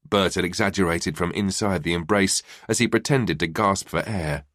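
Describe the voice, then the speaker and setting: Low-voiced male audiobook narrator. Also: dry recording, clean studio sound. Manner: measured, expressive reading. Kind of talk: scripted narration.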